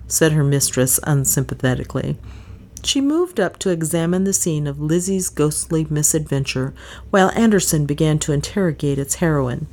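A woman narrating an audiobook in a measured, unhurried reading voice. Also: low voice, a little mellow.

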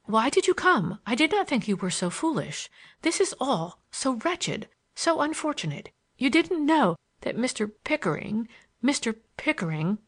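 A woman reading a storybook, voicing an anxious young society girl who pleads in a hurried, soft way. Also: on the high side, big pitch swings, pitched above the performer's own voice. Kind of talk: audiobook character voice.

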